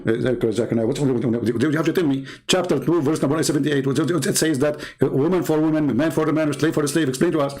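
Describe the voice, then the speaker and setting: A man with a fairly high voice talks in a sarcastic, mocking way. He delivers a polemical monologue to a live-stream audience and chuckles at his own jabs. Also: quick pace, few pauses, darkish tone.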